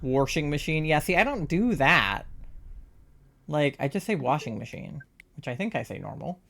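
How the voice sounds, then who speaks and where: A live streamer with a mild Southern US accent chats casually while gaming, sounding very animated at a normal speed. Her mid-range voice is pushed and bright with vocal fry, strained by a sore throat, and she keeps things loose, swearing and laughing often.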